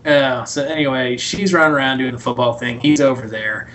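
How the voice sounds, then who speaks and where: Man, casual movie recap chat, rambling, quotes scenes, faint rumble behind. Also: fairly even intonation, a little fast, fairly bright tone. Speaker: podcast co-host.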